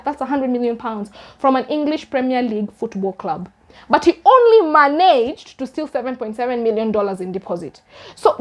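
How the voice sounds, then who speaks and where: A young Kenyan woman vlogging about a crime case in a casual, sarcastic tone, firing off incredulous rhetorical questions. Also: high voice.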